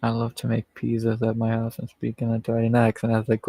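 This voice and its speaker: Gravelly, flat-voiced male streamer. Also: medium pitch, fast, hardly any pauses, no echo, poor audio. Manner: profane, rambling, chuckles often. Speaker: livestream host. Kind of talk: casual livestream chat.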